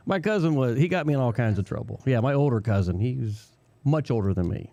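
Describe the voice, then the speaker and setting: A man's voice: medium pitch, a little fast, creaky, dry recording. Guy cohost telling a funny story on radio, laughs a lot, voice jumps around, dry studio sound. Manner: laughs often while telling stories, animated. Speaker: co-host. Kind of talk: casual storytelling on a radio show.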